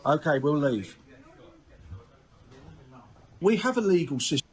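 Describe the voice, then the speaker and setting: A man's voice: on the high side, sing-song, takes it slowly, a little mellow, slightly rough, rough recording. A man confronting people on location, insistent and repeatedly pleading as he presses his questions.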